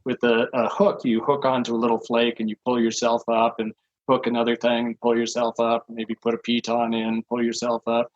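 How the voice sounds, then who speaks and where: A man's voice: medium pitch, monotone, fairly quick, muffled recording. A man in his sixties, a podcast guest telling rambling stories with lots of fillers and chuckles. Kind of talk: casual anecdotal storytelling.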